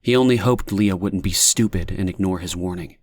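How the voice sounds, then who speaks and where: A man narrating a dark fiction audiobook in a steady, measured reading. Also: low-pitched.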